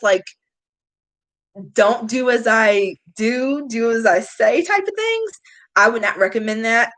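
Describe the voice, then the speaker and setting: A young woman hosting a long livestream, chatting casually and answering viewer comments with candid, animated reactions. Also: low-quality recording. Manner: chatty and candid, swings up high when greeting viewers. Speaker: beauty vlogger hosting a livestream.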